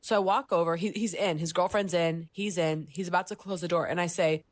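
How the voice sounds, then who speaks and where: A woman in her thirties co-hosting a podcast, telling a story in a lively way and acting out the voices of people she quotes. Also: fairly quick, no echo. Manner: animated storyteller, acts out voices and jumps up high for quoted lines. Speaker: podcast co-host. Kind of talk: casual chat, telling a story.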